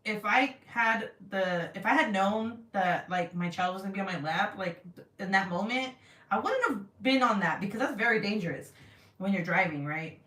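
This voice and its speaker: A young woman telling a story casually on a livestream and reading her chat, animated and laughing often, with casual swearing. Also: medium pitch, moderate pace, far from the mic. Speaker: vlogger reading live chat. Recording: roomy sound, mic set back.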